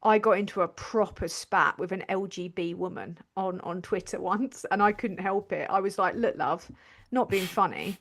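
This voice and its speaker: A woman's voice: medium pitch, steady tone, normal speed, few pauses, fairly bright tone. A woman hosting a livestream, talking in a blunt, sweary, ranting way about politics. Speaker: livestream host. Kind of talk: casual political chat.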